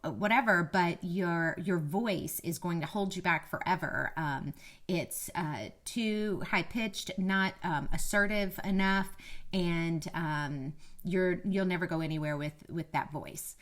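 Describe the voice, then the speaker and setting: A woman's voice: on the low side, a little slow, a bit bright. A woman in her thirties from Kentucky with a mild Southern accent, a media coach giving casual, chatty, self-deprecating tips to camera. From Kentucky, USA. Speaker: media coach, former TV reporter.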